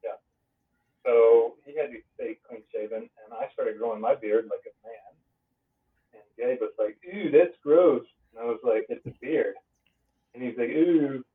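A man's voice: mid-range voice, little pitch movement, normal speed. A man hosting a pastors' podcast in casual talk, joking with his guests and then asking them questions. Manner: upbeat, joking, asks questions. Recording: tinny phone-like line, distant from mic.

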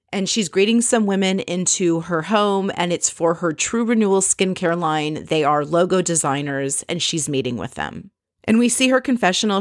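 A woman's voice: lowish voice, no room sound, studio quality. A woman recapping a reality TV episode in a chatty, opinionated and snarky way. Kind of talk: casual recap commentary.

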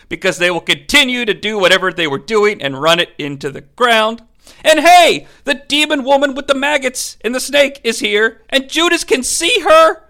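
A man's voice: extremely high pitch, pushed and bright. A man hosting a comedic movie recap, narrating in a sarcastic, profane way. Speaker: movie review host.

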